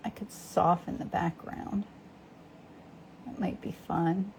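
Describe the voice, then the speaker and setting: A woman in her fifties chats casually through a painting session, talking herself through each brushstroke and greeting her regular viewers. Her voice has a slight gravelly edge. At times she drops to a near whisper, and a faint hiss sits behind the audio. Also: fairly low pitch, fairly even intonation, takes it slowly, darkish tone. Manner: chatty, thinks aloud, greets viewers by name. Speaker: painter hosting a live painting demo. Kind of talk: casual live-stream chat while painting.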